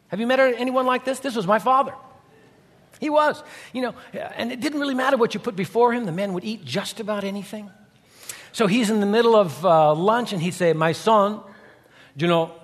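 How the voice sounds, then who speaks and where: A man preaching a sermon, dramatic, swinging between loud, raised lines and hushed, quiet ones. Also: fairly high pitch. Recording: long hall reverb.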